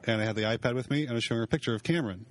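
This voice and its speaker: A man talking on a comedy podcast as a guest comic, telling rambling stories and talking very fast. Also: medium pitch. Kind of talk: casual comedy podcast chat.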